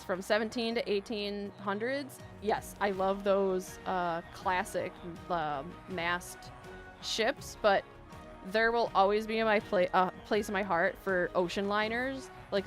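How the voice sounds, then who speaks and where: A woman's voice: medium pitch, a bit bright. Bubbly woman live-streamer over faint music. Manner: bubbly, laughs often, rambling. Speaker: live-stream gaming host. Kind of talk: casual live-stream chat, reading chat aloud. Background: faint background music.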